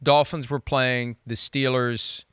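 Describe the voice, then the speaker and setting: A man's voice: medium pitch, flat delivery, a bit bright, clear, resonant tone, no room sound, clean studio sound. Wry man hosting a sports talk show. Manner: wry, quick, self-mocking. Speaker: show host. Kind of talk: casual sports chat.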